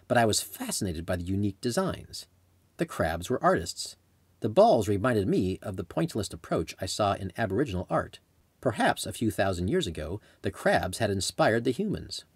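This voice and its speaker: A man reading his own travel memoir aloud in measured, descriptive storytelling. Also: lowish voice, breathy edge, no room sound. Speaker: author narrating his memoir. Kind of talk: scripted audiobook narration.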